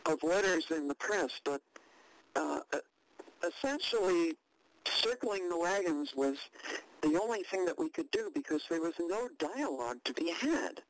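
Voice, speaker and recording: An older woman recounting a past event in an interview, halting and measured with many fillers and restarts, and a wry, dry understatement. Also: on the low side, lively intonation, low-quality recording.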